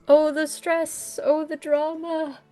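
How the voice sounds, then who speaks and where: A woman's voice: high-pitched, little pitch movement, slow, mellow, faint music behind, voice pushed up. A woman voicing a fretful, melodramatic king in a tabletop game, with breathless, swooning sighs. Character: fretful dramatic young king.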